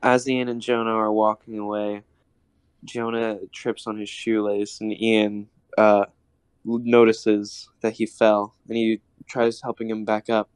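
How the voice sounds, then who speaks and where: A man's voice: fairly low pitch, flat delivery, unhurried, clear, resonant tone, dry recording. A man guesting on a show, laid-back and crude while improvising a silly story. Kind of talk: improvised comedy story with a friend.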